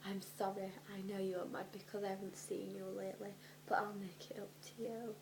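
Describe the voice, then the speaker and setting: Woman doing a sulky teen wizard boy, mutters flat, kinda defiant, plain read-aloud voice. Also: medium pitch, moderate pace, slight background noise, natural voice. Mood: soft.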